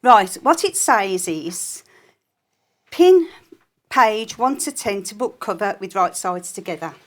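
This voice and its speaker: A woman's voice: medium pitch, expressive, measured pace. A woman giving a live sewing demonstration on a shopping channel, chatty and jokey as she explains each step.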